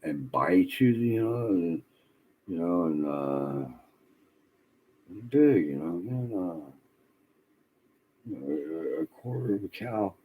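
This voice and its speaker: A man of about sixty telling rambling, profane stories in a casual way, laughing often and filling pauses with "you know". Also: low-pitched, animated, husky, narrow, tinny audio.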